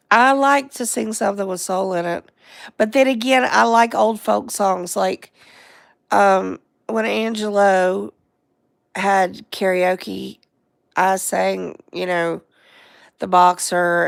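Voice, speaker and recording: A woman's voice: medium pitch, vocal fry, smooth, dry recording, studio quality. A middle-aged woman hosting a casual livestream chat, rambling along, chatting to viewers and laughing often. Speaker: livestream host.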